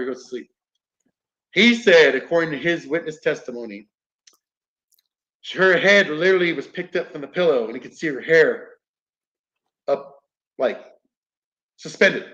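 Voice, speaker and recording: Paranormal investigator type, male, slightly raised pitch, loose swearing storyteller; echoey room, muffled audio. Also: normal speed, pauses often, fairly bright tone. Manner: rambling, swears freely, acts out quotes. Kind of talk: casual storytelling. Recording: roomy, dull lo-fi podcast audio.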